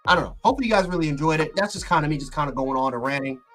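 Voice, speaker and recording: A man hosting a casual livestream, talking in an excitable, rambling way with lots of fillers and restarts. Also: a little high, rapid-fire, faint music behind. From Buffalo, New York. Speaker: sports channel host.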